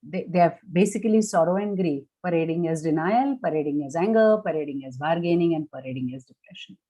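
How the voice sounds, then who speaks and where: A woman giving a gentle, measured workshop talk, explaining ideas step by step. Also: deep voice, rough recording. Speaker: workshop speaker on grief and loss.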